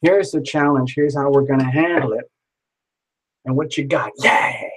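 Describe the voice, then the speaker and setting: Chatty, excitable man hosting a live stream. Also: mid-range voice, normal speed, poor audio. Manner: chatty, excitable, joking with viewers. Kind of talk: casual live-stream chat.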